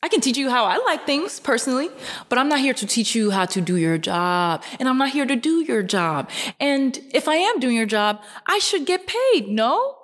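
A young woman, a fashion model, talking casually to camera from her couch, earnest and animated, her pitch jumping up on emphasis, with many fillers. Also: moderate pace. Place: indoors, seated on a couch.

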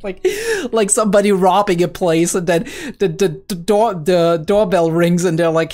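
A young woman hosting a casual anime reaction, talking in an excitable, rambling way and swearing freely. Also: on the low side, normal speed. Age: young adult.

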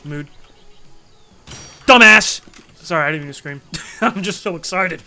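High, bright-voiced young gamer guy. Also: brisk. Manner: excitable, swearing, self-mocking. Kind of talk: casual gameplay commentary.

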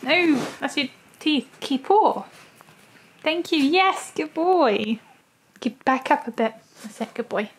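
Woman, high voice, very slow short commands, playful dog training, faint background noise. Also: expressive. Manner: playful, laughing often, repeating short commands. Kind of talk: coaxing a dog through tricks. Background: dog sounds.

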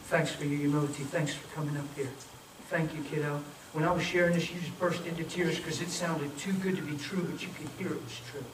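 A man preaching a sermon, telling a story and acting out the voices in it, then softly pleading with people to come forward. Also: on the high side, fairly even intonation, a little fast, hardly any pauses. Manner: storytelling, acts out quoted voices, urgent then soft pleading. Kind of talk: sermon with altar call. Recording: echoey, from far off, faint noise.

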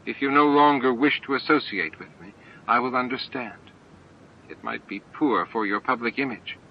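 A man voicing a calm, composed woman of firm resolve in a homemade audiobook, speaking evenly and plainly. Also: mid-range voice, highs cut off, a little hiss or hum, lightly acted. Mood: earnest. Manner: even, measured, plain-spoken.

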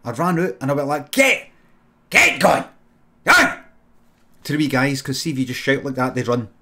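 Deadpan sweary Scottish man telling a story. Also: medium pitch, quick pace, background noise. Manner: deadpan, sweary storytelling with sudden shouted outbursts. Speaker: streamer improvising a story. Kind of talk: improvised comic storytelling.

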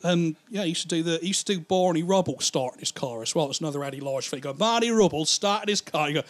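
A man's voice: a little high, steady tone, rapid-fire. A man doing stand-up, telling rambling, profane stories and laughing at his own jokes. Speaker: stand-up comedian. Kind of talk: stand-up storytelling.

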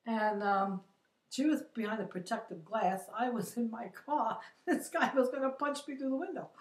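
A woman's voice: fairly high pitch, moderate pace. Chatty older woman, roomy distant sound. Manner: chatty, exasperated, quotes others in her retelling. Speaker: vlogger. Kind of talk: casual storytelling monologue. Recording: roomy echo, distant from the mic.

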